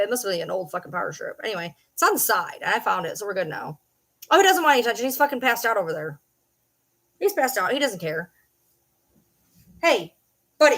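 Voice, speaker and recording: A woman's voice: fairly high pitch, a bit bright. A woman chatting casually on a livestream from her desk at home. She rambles, swears freely and pokes fun at herself while she talks to her viewers and her dog. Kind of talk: casual live-stream chat.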